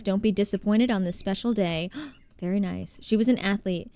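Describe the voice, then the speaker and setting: At normal speed, her medium-pitched voice is mellow, clear, and resonant, with no room sound. The speaker, a New Jersey woman with the state's accent, plays a game on stream while chatting, reading chat aloud, and greeting viewers.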